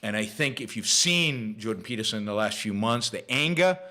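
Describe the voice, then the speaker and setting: A man's voice: lowish voice, lively intonation, normal speed, bright, forceful tone. A man hosting his own show, delivering an opinionated solo commentary monologue and repeating phrases for emphasis. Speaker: show host.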